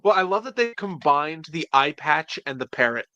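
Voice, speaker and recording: Male guest reviewer, bright and slightly high, quippy and dry. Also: big pitch swings, moderate pace, no room sound, highs cut off. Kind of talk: casual review chat.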